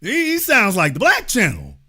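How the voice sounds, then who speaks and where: A man hosting his own show, giving commentary on clips in an animated, incredulous and explanatory way. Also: high-pitched, moderate pace, slightly rough. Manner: explaining, lecturing. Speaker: host.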